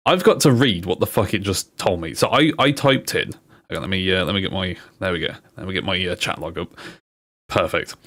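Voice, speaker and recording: A young man streaming casually, swearing freely and laughing as he reads out silly chatbot jokes in a higher mock voice. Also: fairly quick, fairly bright tone, dry recording. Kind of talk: casual livestream chat.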